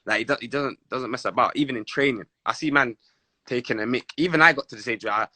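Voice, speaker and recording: A young man with a London accent, a former footballer telling stories in a casual sit-down interview, animated and full of street slang. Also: medium pitch, fast, no room sound.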